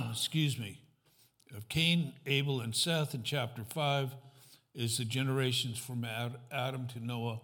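A man's voice: medium pitch, fairly bright tone. A man as guest pastor giving a sermon in a church, conversational, putting questions to the congregation, with light self-deprecating humor. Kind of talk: sermon with a joke opener.

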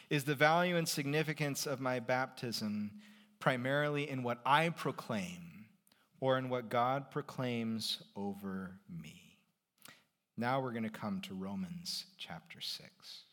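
A man preaching a sermon as pastor, talking in a conversational way, rising in pitch and volume to stress points and dropping almost to a whisper on key questions. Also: animated, slow, fairly bright tone.

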